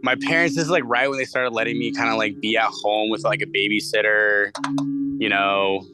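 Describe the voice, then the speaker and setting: A man's voice: fairly low pitch, steady tone, brisk. A man in his twenties telling a personal spooky story in a rambling, casual way, full of fillers and swearing. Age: 20s. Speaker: guest storyteller. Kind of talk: casual spoken ghost story. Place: studio.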